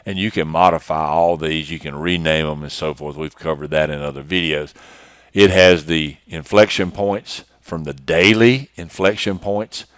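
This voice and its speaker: A man's voice: very deep voice, fairly even intonation, moderate pace, a bit bright, clear, resonant tone, no room sound, studio quality. A man teaching day-trading chart setups in a plainspoken, matter-of-fact screen-share walkthrough, often restarting phrases. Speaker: trading instructor.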